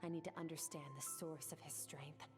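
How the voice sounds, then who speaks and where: A woman plays a reserved young swordswoman in a game, quiet and resolute. Her voice sits fairly low, and clear game music plays beneath her. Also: steady tone, fairly quick, natural voice. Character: determined young female swordswoman, cool and reserved. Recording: game audio over music.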